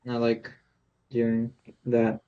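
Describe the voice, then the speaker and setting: Male podcast co-host, flat even voice, hesitant. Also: mid-range voice, slow, dull audio. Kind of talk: casual sports podcast chat.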